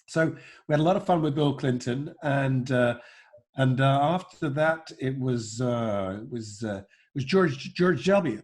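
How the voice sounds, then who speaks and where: A man, a comedian and impressionist, chatting in an interview and telling lively anecdotes. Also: medium pitch, unhurried. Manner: lively storyteller, slips into voices. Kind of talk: casual interview chat with anecdotes.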